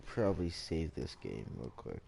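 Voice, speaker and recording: A sleepy young man streaming a game, chatting to his viewers in a drowsy, drawling monotone with lots of "like" and "dude". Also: a bass voice, normal speed, gravelly, a little hiss or hum. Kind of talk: casual live-stream chat while gaming.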